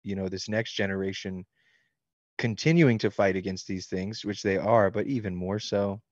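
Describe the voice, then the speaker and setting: A man's voice: on the low side, moderate pace, no room sound, highs cut off. A man chatting candidly at a book signing, joking and swearing freely while he signs books. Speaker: author answering fan questions. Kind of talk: casual interview chat.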